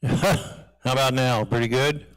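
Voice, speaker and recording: A man's voice: mid-range voice, takes it slowly, fairly bright tone, poor audio. Man doing a casual mic check. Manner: chatty, asks the room questions. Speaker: person running a sound check. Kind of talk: casual sound check chat. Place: church sanctuary. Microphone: handheld mic, held at varying distances.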